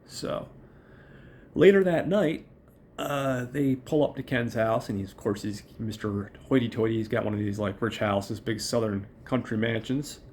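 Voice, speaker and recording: A man's voice: on the low side, moderate pace, darkish tone, slight background noise. A man hosting a casual show and recapping a film in a chatty, rambling, profane way. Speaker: podcast host.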